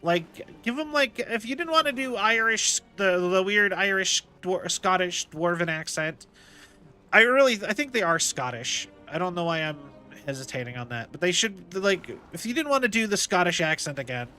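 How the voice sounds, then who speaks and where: A man's voice: high-pitched, expressive, moderate pace, sharp tone, clean tone, faint music behind. A man streaming a game, chatting casually and rambling as he thinks aloud. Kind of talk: casual live gameplay commentary.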